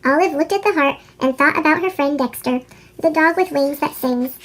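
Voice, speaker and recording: A woman reading a children's picture book aloud in an animated storytelling manner, her voice sped up into a chipmunk pitch. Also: moderate pace. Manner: animated, sing-song storytelling. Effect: sped-up chipmunk pitch shift. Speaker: storybook reader.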